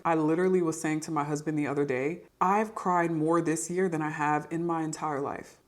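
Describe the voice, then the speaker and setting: A young adult woman sharing a personal faith testimony to camera, earnest and encouraging. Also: low voice. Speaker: podcast host sharing testimony. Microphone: camera mic.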